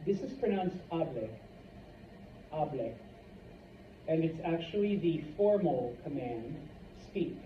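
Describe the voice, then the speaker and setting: A man teaching a Spanish class in a classroom, unhurried and checking in often with the students. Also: fairly high pitch, animated, far from the mic, slight background noise. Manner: unhurried, many fillers and check-ins. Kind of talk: classroom lecture. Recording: roomy lo-fi classroom recording from afar.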